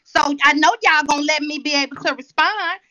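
A woman guest talks back defiantly on a livestream panel, taunting those who doubt her. Her voice is very high and bright. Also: a little fast, no room sound, highs cut off. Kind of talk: defensive livestream rebuttal.

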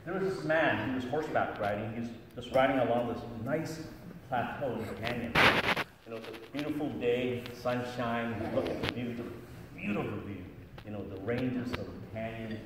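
A middle-aged man, a pastor, telling jokes and stories to schoolchildren in an animated way. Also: medium pitch, moderate pace. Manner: jokey, animated storyteller. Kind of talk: storytelling talk to children. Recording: echoey hall from far off, background noise.

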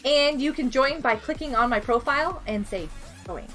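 A woman live streaming a game, excitable and giggly, chatting with her viewers. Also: high-pitched, normal speed, soft background music. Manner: excitable, giggly, talks to chat. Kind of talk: casual gaming live stream chat.

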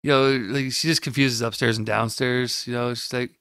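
A young man hosting a casual podcast chat, joking around and acting out his toddler's lines in a high voice. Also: level tone, normal speed, gravelly, a bit bright, smooth, no echo, clean studio sound. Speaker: podcast host.

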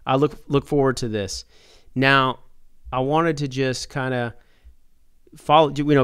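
A man's voice: mid-range voice, clear, resonant tone, no room sound, clean studio sound. A man hosting a podcast in a casual, thoughtful way, rambling a little and restarting his sentences. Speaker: podcast host.

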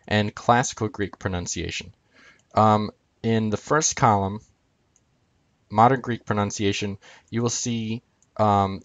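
A man's voice: fairly low pitch, dry recording. A man teaching from a chart on screen, talking unscripted with frequent ums and uhs as he walks through each item. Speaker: video lecturer.

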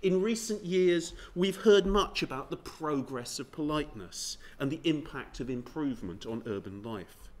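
A man giving a history seminar paper, reading in a measured, precise way. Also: fairly high pitch, lively intonation. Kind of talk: academic lecture read from a script. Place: seminar room.

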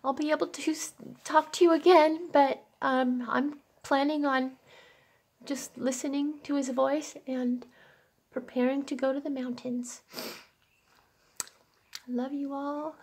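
A woman's voice: high-pitched, fairly even intonation, unhurried, a little mellow. A woman delivering an earnest, emotional spoken prophecy, pleading with listeners and close to tears. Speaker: self-styled prophet.

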